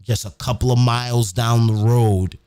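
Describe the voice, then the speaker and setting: A man's voice: mid-range voice, steady tone, moderate pace, dark tone, clean tone, dry recording, clean studio sound. A man hosting a live-streamed podcast, ranting emphatically and profanely, often tagging his sentences with "man". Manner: emphatic, repetitive, keeps saying "man"; profane, fired up. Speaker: podcast host. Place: home recording setup near a big city.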